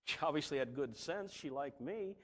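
A middle-aged man preaches in a voice that sits high and leaps all over the place. He drops to soft, almost confiding asides, then rises to emphatic, ringing declarations. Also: lively intonation, moderate pace, background noise. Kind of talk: sermon.

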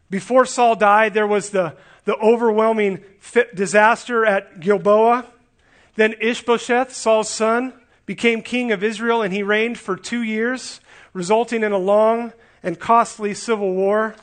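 A man with a high voice preaching a sermon. He speaks earnestly and emphatically, often stumbling and repeating words as he drives his points home, and he asks the listeners questions as he goes. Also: a bit bright. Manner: earnest, emphatic, with frequent restarts and rhetorical questions. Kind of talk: expository sermon.

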